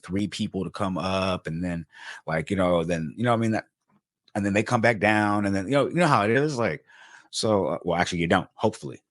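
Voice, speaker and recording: A man casually telling a personal story to his viewers, animated and slangy, full of fillers, acting out what others said. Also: sits low, dry recording, clean studio sound. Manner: animated, slangy, lots of fillers, acts out quotes.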